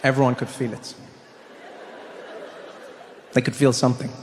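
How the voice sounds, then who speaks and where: Man, stand-up comedy, shouted punchlines, long reverb, loud crowd ambience. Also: medium pitch, flat delivery, moderate pace, background noise. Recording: echoey hall, loud audience ambience.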